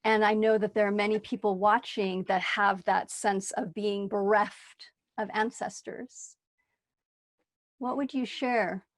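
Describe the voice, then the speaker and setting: A woman interviewer asking a question in a slow, gentle, measured way. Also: mid-range voice, steady tone, no room sound. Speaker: interviewer, summit host.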